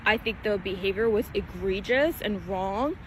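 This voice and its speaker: Brief: analytical commentator, mid-pitched voice, outdoor clip with traffic noise. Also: normal speed, rough recording. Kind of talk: opinion commentary.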